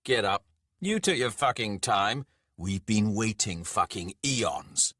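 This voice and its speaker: A man growling as loud, scornful dwarf lords. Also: fairly low pitch, lively intonation, slow, husky, dry recording, clean studio sound, heavily acted. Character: brutish gruff male dwarf lords, impatient and contemptuous. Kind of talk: audiobook character voice.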